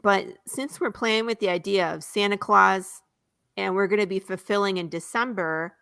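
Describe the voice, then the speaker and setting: A woman comics creator, a guest chatting casually and retelling her comic's pages in an animated way. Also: mid-range voice, moderate pace, gravelly, clean tone, dry recording, studio quality. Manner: animated storyteller, voices characters, laughs often.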